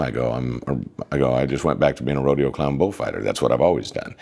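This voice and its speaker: Very deep-voiced man telling stories. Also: expressive, fast, gravelly, darkish tone. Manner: long anecdotes acting out quoted dialogue. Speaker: guest. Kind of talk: casual storytelling interview. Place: podcast studio.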